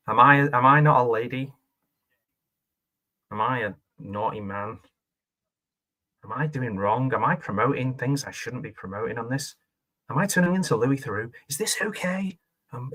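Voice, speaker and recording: Bright-voiced chatty man. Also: medium pitch. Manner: chatty and rambling, with frequent laughs and self-questioning asides. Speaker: film commentator. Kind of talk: casual film reaction commentary.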